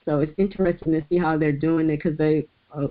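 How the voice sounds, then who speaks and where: A woman hosting a podcast in a casual chat, chatty and laughing often, with halting restarts. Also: low-pitched, steady tone. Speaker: podcast host. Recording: dull lo-fi sound.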